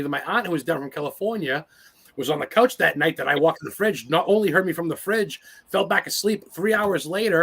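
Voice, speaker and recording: A man in his forties talks quickly as a guest in a casual interview. His voice sits a little high and has a bright, forceful edge. He rambles through his stories with plenty of swearing and open emotion. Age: 40s. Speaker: podcast guest.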